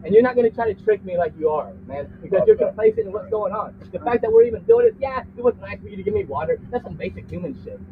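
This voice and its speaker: A man's voice: extremely high pitch, huge pitch swings, fast, creaky, hardly any pauses. A man under arrest in the back of a vehicle, swearing and arguing indignantly, repeating himself. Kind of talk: heated confrontation. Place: inside a vehicle, in handcuffs. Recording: distant, phone-like recording with faint noise.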